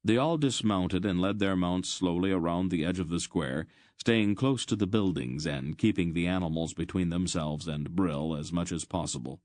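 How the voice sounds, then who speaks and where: A man with a low, deep voice narrates an audiobook in a measured, storytelling way. The recording is dry and close, with no room sound. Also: darkish tone, dry recording.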